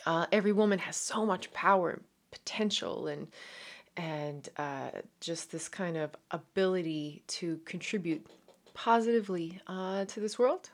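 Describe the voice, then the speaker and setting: A woman with a Newfoundland accent hosts her podcast in a relaxed, rambling way, with lots of fillers and restarts. Her voice sits a little low, and she sounds like she is in her thirties. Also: a little slow. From Newfoundland, Canada. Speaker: podcast host. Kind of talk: casual chat.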